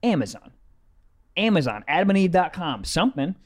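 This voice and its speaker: Man, excitable, loud, crude banter, lively pitch. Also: brisk. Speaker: podcast co-host.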